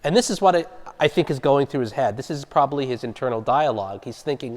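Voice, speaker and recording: A man's voice: medium pitch, fast, few pauses. Man teaching a Bible study in a reverberant hall. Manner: conversational, explaining and asking the group questions. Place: church hall. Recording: long reverb of a large hall.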